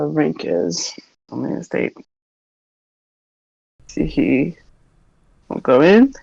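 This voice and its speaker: A woman's voice: fairly low pitch, creaky, a little mellow, no echo. Woman game master, loose casual narration, dull dry close sound.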